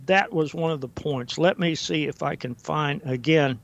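Older male guest, fairly high voice, measured and hesitant delivery, dull lo-fi sound. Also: vocal fry. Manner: deliberate, halting with frequent fillers; reads quotations slowly and carefully. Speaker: guest historian. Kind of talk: talk radio interview. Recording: dull, dry lo-fi audio.

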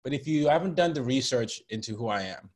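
A man's voice: mid-range voice, lively intonation, fast, a little mellow. A man from Nigeria, a professional speaker and author, answering interview questions earnestly with examples.

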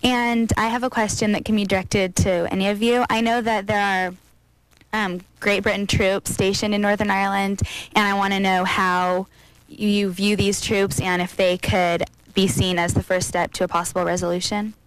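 Clear-voiced young woman asking a question. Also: mid-range voice, little pitch movement, normal speed, low-quality recording. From California. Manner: polite, tentative questioning. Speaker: audience member asking a question.

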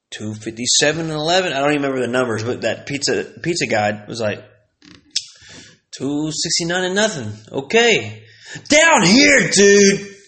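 A man's voice: fairly high pitch, a bit bright. A young man from Texas, ranting casually and swearing constantly, his voice jumping up when he gets worked up. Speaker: vlogger. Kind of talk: casual profane rant.

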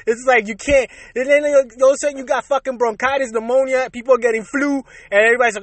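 Hosting his own podcast, a man from Puerto Rico rants solo in an extremely high, steady-toned voice, talking fast with hardly any pauses. He swears casually and laughs between lines, and the sound has no echo.

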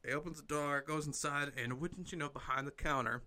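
A man's voice: on the high side, brisk, sharp tone, a little hiss or hum. A man improvising a comic story, rambling and playful, often breaking into giggles.

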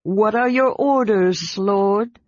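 A woman's voice: medium pitch, slow pace, a little mellow, no room sound, pitched above the performer's own voice. Snarly impatient male dragon , a lady reader doing the voice, dull dry audiobook sound. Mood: gruff. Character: blue dragon, male, large, gruff and impatient.

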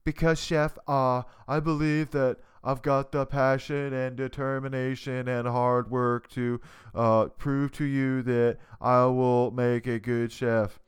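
A man doing a slow, halting reality-show cook. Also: medium pitch, little pitch movement, clean tone, natural voice. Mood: earnest. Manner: slow, halting, deferential, says "chef". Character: nervous, mumbling cooking-show contestant. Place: home basement.

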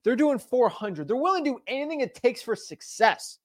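A man's voice: very high voice, big pitch swings, moderate pace, no echo, studio quality. A man giving an intense, preachy motivational talk to camera as a real estate coach, hammering points with repeated phrases.

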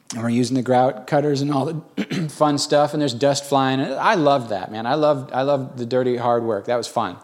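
Folksy stories fill the sermon of a middle-aged pastor with a mid-range voice. He grows animated in bursts as he quotes other people.

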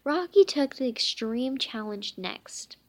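A woman reads a children's storybook aloud at a slow pace, stumbling and going back over words with many "uh"s. Her voice sits a little high. The reading stays unhurried throughout. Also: lively intonation. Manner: halting, many slips and restarts with "uh". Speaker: reader.

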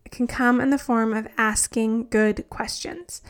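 A woman's voice: a little high, steady tone, a little slow, clear, resonant tone. Chatty upbeat woman podcast host. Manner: chatty and enthusiastic, frequent "like" fillers. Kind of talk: solo podcast talk.

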